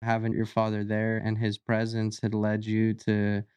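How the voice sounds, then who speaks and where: A podcast host asks long, reflective questions and affirms the guest. The voice is smooth and flat in pitch, with a dry, close sound. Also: moderate pace, no room sound. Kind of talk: interviewing.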